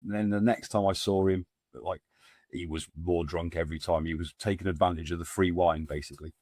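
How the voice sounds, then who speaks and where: Man, very deep voice, middle-aged, rambling, lots of ums, dry sound. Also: steady tone, fairly quick, a little mellow, dry recording. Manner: rambling, many fillers and restarts. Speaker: podcast guest, men's support group founder. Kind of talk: casual storytelling conversation.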